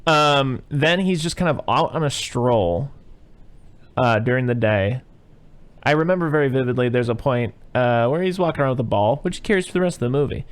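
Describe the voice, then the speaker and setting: A man's voice: medium pitch, lively intonation, a little fast. A man hosting a casual movie podcast, rambling through a recap with plenty of fillers. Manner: rambling, many fillers and "you know"s. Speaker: podcast host.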